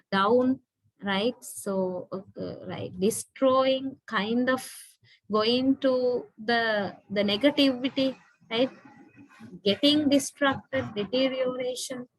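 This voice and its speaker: A woman's voice: fairly high pitch, slow pace, no room sound, poor audio. A woman lecturer with a Sri Lankan English accent, patiently explaining in an online class and often checking in with her students.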